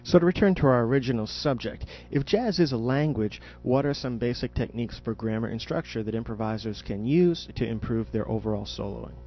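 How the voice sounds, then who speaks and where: A man's voice: medium pitch, expressive, a little fast, hardly any pauses, soft background music. Patient male jazz teacher, lo-fi podcast. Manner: patient, explanatory, demonstrates questions with rising inflection. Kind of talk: podcast audio lesson.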